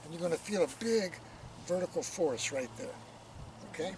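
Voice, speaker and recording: A man coaching a student through riding posture stretches with calm, step-by-step directions. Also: fairly high pitch, moderate pace. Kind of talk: instructional coaching. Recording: distant mic, noisy outdoor background.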